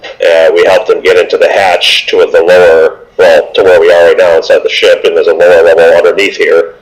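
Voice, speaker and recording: A man's voice: sits low, flat delivery, a little fast, rough recording. A man casually recapping and playing in a tabletop game, rambling with fillers. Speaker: player.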